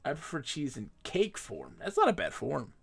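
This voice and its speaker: A man's voice: on the high side, huge pitch swings, normal speed, creaky, slightly rough. A man streaming a game live, chatting casually and reading the game text aloud. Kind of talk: casual gameplay commentary.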